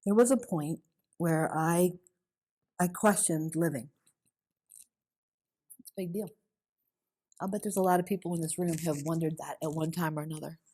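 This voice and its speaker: Her voice is medium in pitch with a touch of mellowness. Standing before a women's conference in a conference hall, the middle-aged speaker tells her faith story earnestly and with feeling.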